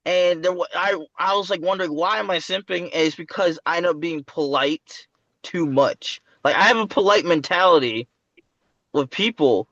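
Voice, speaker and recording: A man's voice: a little high, moderate pace, a bit bright, no room sound. A man giving a younger guy blunt dating advice, emphatic and stumbling over his words. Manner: emphatic, stumbling, addresses guest directly. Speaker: dating coach. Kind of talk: casual coaching chat. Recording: dull dry lo-fi sound.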